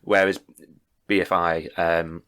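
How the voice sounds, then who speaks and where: A man's voice: sits low, flat delivery, slow, a bit bright. A man co-hosting a casual podcast chat, often stammering, repeating words and laughing between points. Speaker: podcast co-host. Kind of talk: casual chat about a film.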